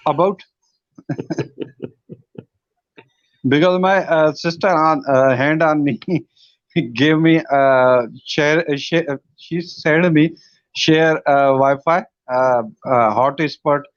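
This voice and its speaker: A man speaking as a guest in halting, hesitant English full of fillers, over a video call. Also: fairly high pitch, smooth, dry recording, highs cut off. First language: not English. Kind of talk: casual chat on a live stream.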